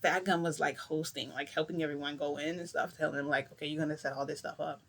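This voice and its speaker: A woman's voice: deep voice, fast talker. Rambling young woman telling a story. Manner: rambling, animated retelling with acted-out quotes and mild swearing. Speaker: vlogger telling a shifting story. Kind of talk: casual storytelling.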